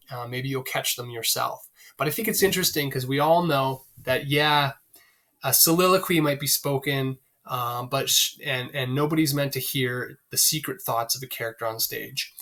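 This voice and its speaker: A man's voice: medium pitch, a bit bright. A man teaching a literature lesson in a chatty way, with frequent fillers and questions to the class. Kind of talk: recorded literature lecture.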